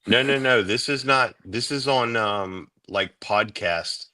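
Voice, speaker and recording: A man's voice: mid-range voice, slow pace, bright, forceful tone, no room sound. A man bantering casually on a livestream panel, blunt and emphatic.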